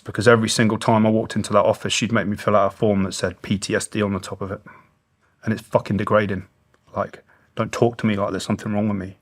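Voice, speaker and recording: A British man in his thirties telling his story in an interview, blunt and intense, swearing heavily. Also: fairly low pitch. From Britain. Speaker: guest, former special forces soldier.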